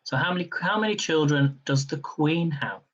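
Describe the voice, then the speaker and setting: A man hosting a live-streamed general knowledge quiz. He chats casually between questions, then reads each question slowly and repeats it. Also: on the high side, a bit bright, far from the mic, highs cut off. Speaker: quiz host.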